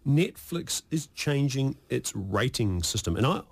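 A man's voice: medium pitch, very animated, a little slow, gravelly. A New man hosting a casual radio chat, joking and often stumbling and restarting his sentences. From New Zealand. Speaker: radio host.

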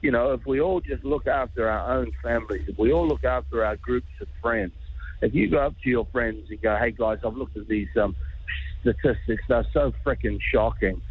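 Middle-aged kiwi guy, husky voice, passionate and straight-talking, bit of a dull radio sound. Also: medium pitch, moderate pace. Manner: earnest, passionate, informal. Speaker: charity founder guest. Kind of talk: radio interview.

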